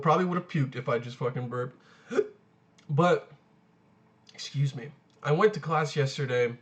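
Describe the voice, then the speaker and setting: A young man hosting his own podcast, talking casually in a rambling, profane way and often losing his train of thought. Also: a little high. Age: young adult. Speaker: podcast host. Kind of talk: casual solo podcast rant. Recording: lo-fi home audio.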